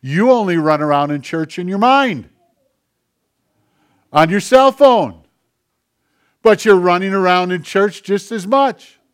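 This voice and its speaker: An older male pastor preaching a sermon, dropping to hushed tones and rising to emphatic, louder passages. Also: sits high, expressive, slow, long pauses, smooth. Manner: swings from hushed near-whispers to loud emphatic preaching; acts out quoted voices in soft tones.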